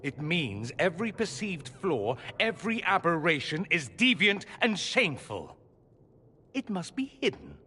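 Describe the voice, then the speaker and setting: An actor playing a proud, sarcastic male mage confronting the father he is estranged from, with a husky voice and a cutting manner. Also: high voice, big pitch swings, unhurried, bright, forceful tone, in a large hall, a little hiss or hum, exaggerated voice. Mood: bitter. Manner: sarcastic, cutting, rising to anger. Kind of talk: game character dialogue.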